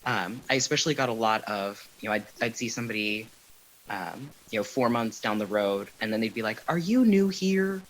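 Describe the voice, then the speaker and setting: A man's voice: fairly low pitch, a little fast, slight background noise, poor audio. A man talking as a guest in a casual interview, telling stories at an easy pace with lots of "um" and "you know". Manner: relaxed storytelling with frequent fillers.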